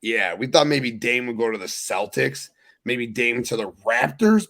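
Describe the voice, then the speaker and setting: A young man hosting a sports podcast, talking loosely and excitedly, with swearing. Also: medium pitch, a little slow, creaky. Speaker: podcast host. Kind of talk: casual sports talk.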